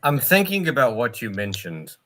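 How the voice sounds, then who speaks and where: Bright-toned thoughtful man. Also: medium pitch, sing-song, moderate pace. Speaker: podcast co-host. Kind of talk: casual chat.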